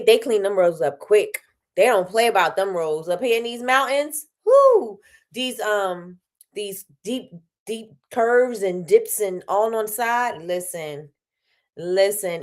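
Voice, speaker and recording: A tired woman hosting a daily live show, chatting casually and animatedly, with sudden high exclamations. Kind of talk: casual livestream chat.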